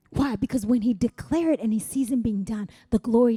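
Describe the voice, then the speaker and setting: A woman pastor preaching a sermon, building to loud shouts with dramatic pauses. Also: on the high side, husky, faint music behind. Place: church hall.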